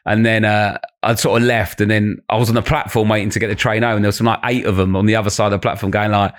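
A man, a comedian telling quick anecdotes as a podcast guest, laughing and swearing casually. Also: lowish voice, level tone. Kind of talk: casual podcast chat, storytelling.

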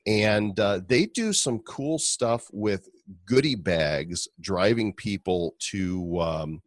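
Low-voiced podcast host, dry sound. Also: male voice, lively intonation, takes it slowly, no echo. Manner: chatty, promotional with fillers. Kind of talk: casual podcast talk.

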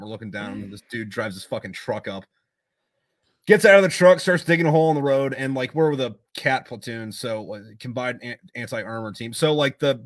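A man, a podcast guest, telling profane stories in casual, animated talk. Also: medium pitch. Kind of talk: casual storytelling.

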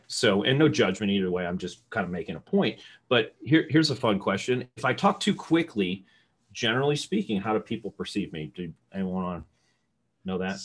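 Middle-aged male sales trainer, loud and energetic, a bit husky, conversational seminar delivery. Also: on the low side, brisk. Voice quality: loud talker. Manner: energetic, conversational, asks the room questions. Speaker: real estate sales trainer. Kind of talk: live seminar teaching.

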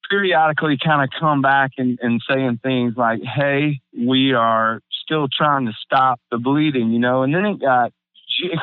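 A young adult man tells a hard personal story in a halting, emotional way, with many fillers and restarts, close to tears. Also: medium pitch, clear, resonant tone, dry recording. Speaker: guest. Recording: phone-like narrow band, dry.

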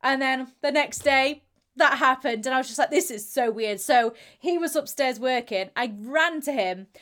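A woman's voice: sits high, normal speed. A young woman, an athlete being interviewed, speaking candidly and acting out the voices of people she quotes. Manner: animated, acts out quoted voices, laughs readily. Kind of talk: candid conversational storytelling.

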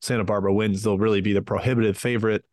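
A man's voice: on the low side, level tone, rapid-fire, darkish tone. Thoughtful man weighing betting picks. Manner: thoughtful, weighs both sides before picking. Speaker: podcast co-host and betting analyst. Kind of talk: casual sports betting chat.

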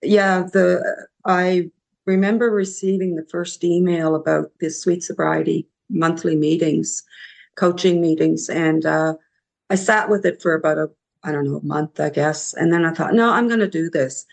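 A woman, a podcast guest telling her recovery story in a reflective, halting way. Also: low voice, steady tone, creaky.

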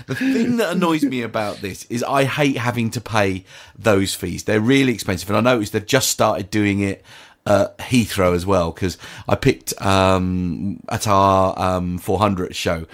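A man from the east of England co-hosting a casual podcast, reading a news story and chatting with quick, amused asides. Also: fairly low pitch, expressive. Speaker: podcast co-host.

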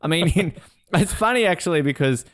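A man co-hosting a podcast in casual chat, animated and swearing, laughing and mimicking people as he talks. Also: on the high side, moderate pace, dry recording, clean studio sound. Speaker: podcast co-host.

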